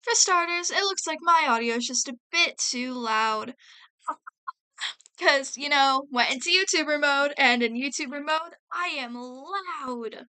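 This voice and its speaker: A woman's voice: high voice, takes it slowly, pushed and bright. A woman chatting casually to her viewers while playing a game, giggling often and talking straight to chat. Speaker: let's play gamer. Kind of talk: casual gameplay commentary.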